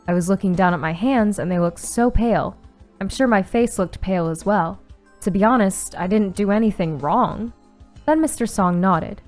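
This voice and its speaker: A young woman reading a visual novel aloud and reacting with sudden excited squeals and swearing. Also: mid-range voice. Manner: reads story text aloud, breaks into excited squeals and swearing. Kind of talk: casual playthrough narration with reactions.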